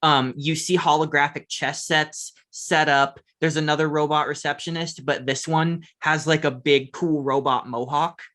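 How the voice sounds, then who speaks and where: A man's voice: fairly high pitch, flat delivery, moderate pace, hardly any pauses, a bit bright. A man narrating as game master of a tabletop game, describing scenes casually with lots of fillers.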